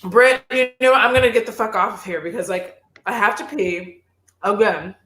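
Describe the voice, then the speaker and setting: A woman's voice: medium pitch, normal speed, a bit bright. A woman beauty creator talks loosely on a live chat, telling rambling stories packed with swearing and filler words. Her voice carries a noticeable room echo around it. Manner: profane, rambling storytelling with lots of "like". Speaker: beauty youtuber. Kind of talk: casual livestream chat.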